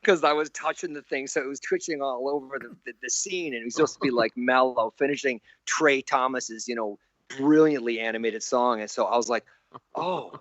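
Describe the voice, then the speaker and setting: A man in his sixties spins an anecdote in a middle-pitched voice, laughing as he goes and acting out the people he quotes. The sound is dry and close, with a dull, lo-fi edge. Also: a little fast, dry recording. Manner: animated, laughs often, acts out quoted voices. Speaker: guest animator. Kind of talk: anecdotal storytelling in an interview.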